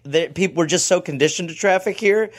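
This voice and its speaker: A man co-hosting a comedy podcast, riffing in casual banter with quick joking asides. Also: high-pitched. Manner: joking riffs with quick pop-culture cracks. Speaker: podcast co-host.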